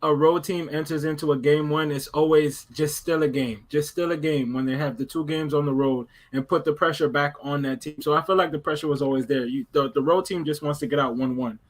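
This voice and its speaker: A male guest on a sports podcast, excitable and emphatic. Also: a little high, a little fast, hardly any pauses. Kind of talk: casual sports talk.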